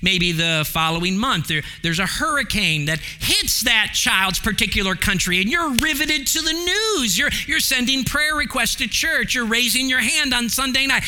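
Here a pastor preaches without rushing, full of animation. Big contrasts mark his delivery, from thrilled highs to soft, hushed lows, plus a filler here and there.

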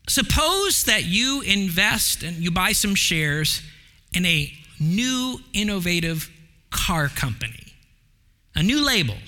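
A man preaching a sermon as pastor, animated, with big swings from excited highs to hushed lows and the odd filler.

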